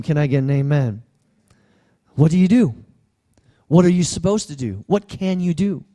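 A man's voice: a little high, warm tone. A man in his thirties preaching a sermon, with call-and-response asides to the congregation. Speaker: pastor.

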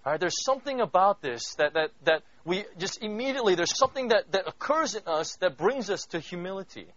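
A male pastor with a slightly high voice preaches in a loose, conversational way, forever checking in with his listeners. He moves between loud emphatic bursts and quiet, hushed moments. The recording sounds muffled and lo-fi. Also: animated, a little fast. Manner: conversational, keeps asking "right?". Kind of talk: sermon. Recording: dull lo-fi recording.

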